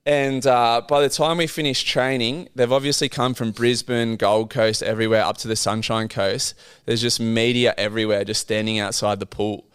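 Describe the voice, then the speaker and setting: An Australian man in his thirties, a podcast guest telling an animated anecdote in casual chat. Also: mid-range voice, moderate pace, hardly any pauses, clean tone, no room sound, clean studio sound. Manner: animated anecdote-telling, acting out others' lines.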